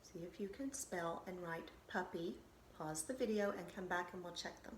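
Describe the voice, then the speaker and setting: A woman's voice: fairly low pitch, moderate pace, reverberant, slight background noise. A woman teacher giving a recorded phonics lesson to children, patiently sounding out syllables and reassuring them.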